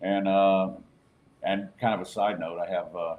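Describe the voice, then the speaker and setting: A man's voice: sits low, fairly even intonation, measured pace, narrow, tinny audio. A man hosting a sports podcast, chatting casually in a loose, joking way with lots of fillers. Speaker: podcast host.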